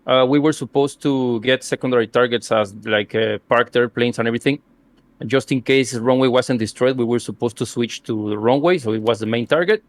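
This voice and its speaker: A man's voice: mid-range voice, fairly quick. A man leading the second element, giving a short, upbeat debrief. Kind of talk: casual debrief chat.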